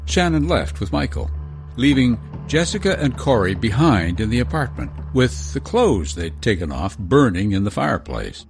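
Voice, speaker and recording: A man giving scripted true-crime narration in a measured, dramatic way. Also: medium pitch, big pitch swings, vocal fry, soft background music.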